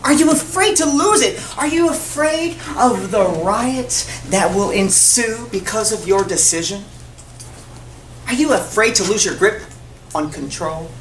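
A woman's voice: mid-range voice, lively intonation, a little slow. A woman preacher giving a sermon, driving it home with repeated rhetorical questions. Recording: echoey hall from far off, noisy.

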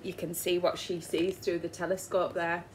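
In a storybook read-aloud against a noisy background, an English-accented woman teacher reads a picture book to children and asks them questions as she goes. She speaks at normal speed in a fairly low, flat voice.

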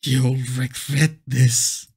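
A man voicing a cold inner demon that talks the hero down in slow, discouraging words. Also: mid-range voice, little pitch movement, a little mellow, slightly rough, voice pushed down, exaggerated voice. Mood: taunting.

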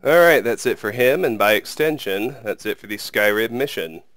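A man hosting a game playthrough, talking through where to go next in a relaxed way. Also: medium pitch, normal speed, dry recording. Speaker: let's play host.

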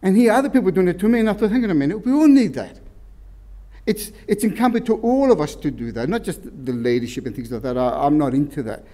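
A man's voice: a little high, fast, few pauses, mellow. A man preaching an informal, rambling sermon and often restarting his sentences. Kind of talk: conversational sermon.

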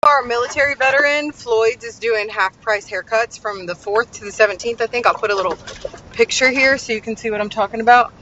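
A woman chatting excitedly in a casual vlog, gushing and upbeat, filmed on a phone indoors and outdoors. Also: on the high side, fairly quick, highs cut off, a little hiss or hum. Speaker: vlogger.

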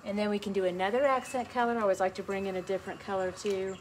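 Talking rapid-fire in a steady, medium-pitched voice, a woman leads beginners through a relaxed painting tutorial. She narrates every brushstroke in a chatty, encouraging way, with noticeable background noise in the recording.

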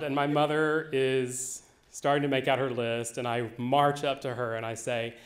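A man telling a funny personal story live on stage, wry and animated. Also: mid-range voice. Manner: wry, animated, slow-building. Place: theater stage. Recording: echoey live venue.

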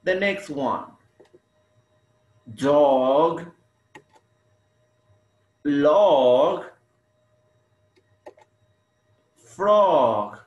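A man leads an English lesson for children, drawing each word out so students can repeat after him. His voice sits a little high and moves at an unhurried pace. The recording sounds roomy, with a clear echo. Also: fairly bright tone. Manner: slow, drawn-out, repeats words for students. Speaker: English teacher. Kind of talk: slow bilingual classroom lesson. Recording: echoey room.

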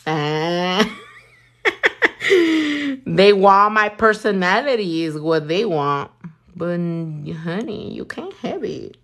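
Woman, sassy, swears freely, lowish voice, casual livestream chat. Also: slow, pauses often, a bit bright. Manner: sassy, swears a lot, mixes in Spanish. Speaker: nail artist livestreaming.

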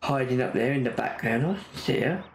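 A man's voice: medium pitch, lively intonation, fairly quick, echoey room, slight background noise. A man with an English accent giving casual gameplay commentary, grumbling and exasperated as he talks. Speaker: gaming channel host.

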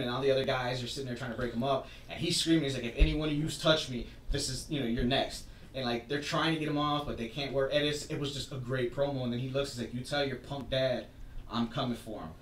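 A man co-hosting a casual podcast, retelling a story with animated energy and acting out the lines he quotes. His voice sits in a roomy space, a little away from the mic. Faint ambience hums behind him. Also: mid-range voice, far from the mic, slight background noise. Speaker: podcast co-host. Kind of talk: casual wrestling chat.

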